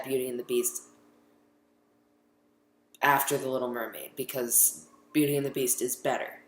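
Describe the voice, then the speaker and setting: A man's voice: medium pitch, moderate pace, pauses often, a little hiss or hum. A teenage boy vlogging casually, rambling and chatty, full of ums as he counts down his favorite movies. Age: teens. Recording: echoey room.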